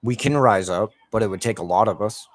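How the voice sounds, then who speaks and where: Low-voiced man ranting profanely. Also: fairly quick, no room sound. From Canada. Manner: profane, heated ranting with lots of "like". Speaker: gameplay streamer. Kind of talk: ranting gameplay commentary.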